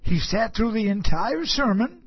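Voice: mid-range voice, animated, unhurried, slightly rough, lo-fi sound. A preacher delivering a sermon as a personal story, speaking emphatically and repeating phrases for stress.

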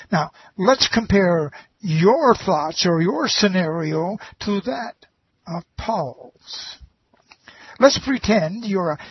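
A man preaching a folksy sermon, drawn out and slow, with homespun asides. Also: sits high, breathy edge, dull audio.

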